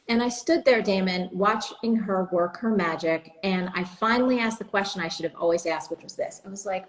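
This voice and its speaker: A woman from New Jersey, a guest telling an animated story on a live video call and acting out the quoted lines. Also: medium pitch, a little fast, few pauses, poor audio. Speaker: guest entrepreneur.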